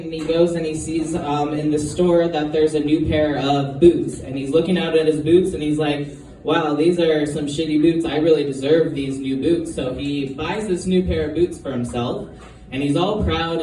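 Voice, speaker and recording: A man doing his first stand-up set, telling a long joke with hesitant ums and rambling asides. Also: a little high. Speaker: amateur stand-up comedian. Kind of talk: first-time stand-up storytelling. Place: live comedy show venue. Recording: echoey room from far off, noisy.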